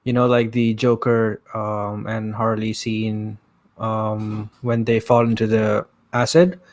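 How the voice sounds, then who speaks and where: A man co-hosting a casual chat about movies. He sounds relaxed and agreeable and uses many fillers. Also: fairly low pitch, takes it slowly.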